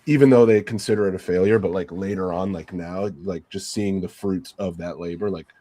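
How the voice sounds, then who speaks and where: Man, podcast co-host, low pitch, rambling, casual chat. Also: steady tone, brisk, mellow. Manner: rambling, heavy on "like".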